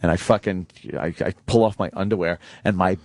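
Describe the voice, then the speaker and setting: A man's voice: low voice, fairly even intonation, brisk, no room sound, clean studio sound. A man co-hosting a radio show, telling a boastful story in crude banter.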